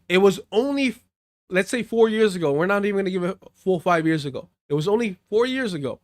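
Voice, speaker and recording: A man's voice: high voice, expressive, a little fast, no room sound, clean studio sound. A man doing live political commentary, reading news aloud and breaking into heated, profane rants, now and then dropping Spanish phrases. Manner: profane, heated rants between read-out articles.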